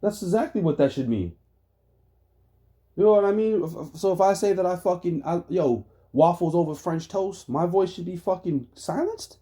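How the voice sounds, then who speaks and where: A man's voice: high-pitched, lively intonation, moderate pace, mellow. A man giving heated, profane reaction commentary on a debate clip, ranting and laughing often.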